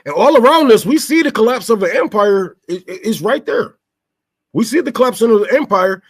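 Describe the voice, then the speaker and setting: A man with a high voice rants straight to his audience. He fires off rhetorical questions, swears freely and stumbles over repeated words as he goes. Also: lively intonation, normal speed, slightly rough. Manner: profane, stammering, rhetorical questions. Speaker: show host. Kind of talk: unscripted political rant.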